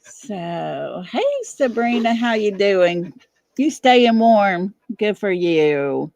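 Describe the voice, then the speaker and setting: A woman's voice: mid-range voice, lively intonation, extremely slow, gravelly, darkish tone, no room sound. A middle-aged woman hosting a casual livestream from her home, chatting with viewers, laughing often and fussing over her dog. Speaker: livestream host. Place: at home, indoors.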